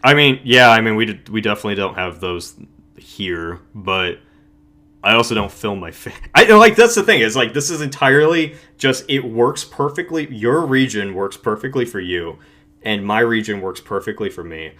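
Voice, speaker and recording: Man from Ohio, low voice, bright edge, rambling casual podcast chat. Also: moderate pace. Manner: rambling, self-interrupting, trailing off. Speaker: podcast co-host.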